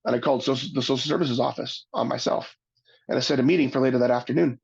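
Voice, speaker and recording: A man giving a webinar talk, telling a personal story in an earnest, halting way, often restarting his sentences. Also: mid-range voice, fairly even intonation, vocal fry, slightly rough, muffled recording. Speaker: webinar speaker.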